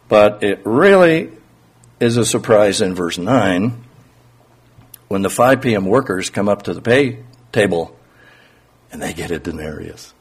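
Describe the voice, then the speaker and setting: A male preacher with a husky, slightly breathy voice delivers a sermon in a relaxed, conversational way. His pitch moves lively and wide as he asks rhetorical questions and explains the text. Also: unhurried, pauses often.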